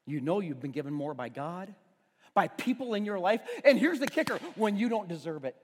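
A man's voice: sits high, animated, fairly quick, in a large hall, slight background noise. A middle-aged male pastor preaching a sermon, telling a story about his son with self-deprecating humor in a church auditorium.

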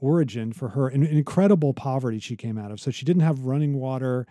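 Co-hosting an academic podcast, a man speaks in a very dark, mellow, medium-pitched voice, recorded close and dry. He tells a story in a relaxed, conversational way, though his speech comes in halting bursts with frequent restarts.

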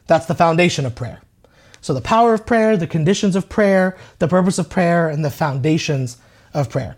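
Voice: medium pitch, animated, moderate pace, darkish tone. A pastor preaching a conversational sermon, with frequent restarts and rhetorical questions.

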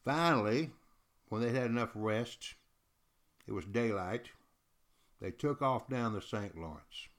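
A male storyteller recounts history in a lively, folksy spoken style. He speaks at an ordinary middle pitch and often turns to address his listeners directly. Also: a little slow, pauses often. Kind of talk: oral storytelling.

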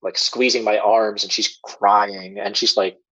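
Male guest storyteller, low husky voice, casual and filler-heavy, muffled lo-fi recording. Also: little pitch movement, a little slow, sharp tone. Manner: rambling, filler-heavy, chuckles while talking. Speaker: podcast guest telling his story.

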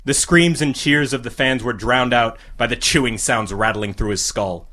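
Bright-voiced man reading a comic story. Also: medium pitch, normal speed.

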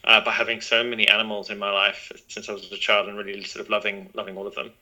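Chatty man as guest, very bright and sharp tone, lots of ums. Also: on the low side, little pitch movement, fast talker, rough recording. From Zimbabwe. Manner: friendly, chatty, with many fillers. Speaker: podcast guest. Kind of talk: casual interview.

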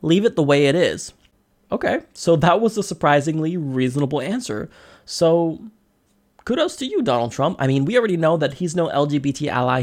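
A man with a slightly high voice talks as a podcast host. His commentary is casual and animated, and he leans hard into sarcasm between quick asides.

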